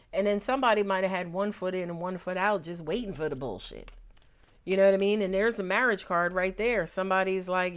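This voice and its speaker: A woman giving a casual tarot reading, talking loosely and swearing freely, often tagging her lines with "right?" and acting out little storylines. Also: lowish voice. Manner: acts out little storylines in put-on voices. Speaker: tarot reader.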